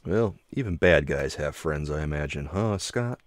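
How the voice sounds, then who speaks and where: A chatty American man talks through a game and jokes with his viewers. His voice is low and dry, with no room around it. He keeps the commentary loose and playful. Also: expressive, normal speed, no echo. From United States. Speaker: let's play host. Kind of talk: casual gameplay commentary.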